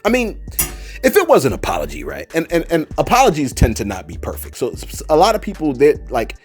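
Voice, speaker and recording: A man's voice: a little high, huge pitch swings, fast, soft background music. A man casually commenting on celebrity gossip, digressing into preachy asides and mock-quoting people. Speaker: commentary host.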